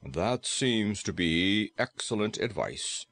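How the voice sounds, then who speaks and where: A dignified big frog speaks in slow, formal phrases, his voice pitched low and set back from the mic, as a man narrating an audiobook puts him on. Every word sounds weighed and proper. It is a storybook reading in a dry, close sound. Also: lively intonation, a bit bright, no echo, exaggerated voice.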